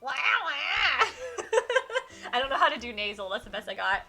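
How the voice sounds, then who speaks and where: Brief: woman game streamer, bright tone, fairly high voice, giggly read-aloud, faint music behind. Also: a little fast, vocal fry. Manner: giggly, animated, reads text aloud and reacts. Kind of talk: live-streamed visual novel playthrough, reading aloud.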